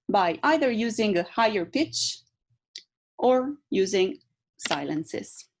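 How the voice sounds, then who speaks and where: A woman's voice: medium pitch, darkish tone. A woman teaching presentation skills in an online tutorial, with hesitant fillers and demonstrative emphasis. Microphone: video call.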